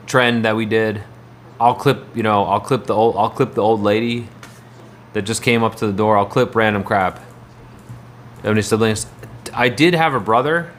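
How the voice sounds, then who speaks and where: Casting: man, low-pitched voice, loose and rambling livestreamer who answers his chat. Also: a bit bright, slight background noise.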